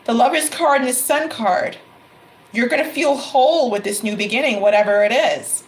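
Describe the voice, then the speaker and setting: A woman's voice: on the high side, moderate pace, low-quality recording. A middle-aged woman giving a tarot reading to camera, emphatic and given to repeating her phrases and exclaiming. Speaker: tarot reader.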